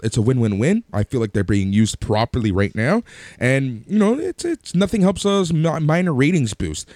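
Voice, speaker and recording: Guy with a kinda low voice running through a recap, chill, dry sound. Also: a little mellow, no room sound. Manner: recaps events then gives offhand opinions, some fillers. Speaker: wrestling show reviewer. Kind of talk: casual recap commentary.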